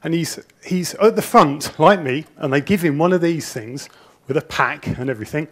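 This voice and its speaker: A man's voice: a little high, moderate pace. A nervous man giving a conference talk on stage into a handheld microphone, telling stories in a chatty, self-deprecating way with frequent restarts. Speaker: conference speaker. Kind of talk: conference presentation, anecdotal storytelling.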